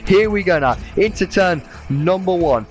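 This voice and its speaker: A man commentating a sim racing event with excited play-by-play, saying he is losing his voice. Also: high voice, moderate pace, faint music behind. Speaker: race commentator.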